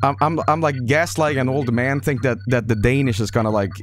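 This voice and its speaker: A man's voice: mid-range voice, steady tone, brisk, faint music behind. A man, a streamer casually telling a rambling, self-mocking story.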